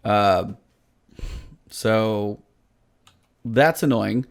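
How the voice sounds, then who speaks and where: A man with a gravelly, creaky voice co-hosts a gaming podcast. He speaks in a loose, conversational way. His delivery turns sarcastic and exasperated when he picks apart design choices. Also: on the low side, extremely slow. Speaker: podcast co-host. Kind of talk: casual gaming podcast chat.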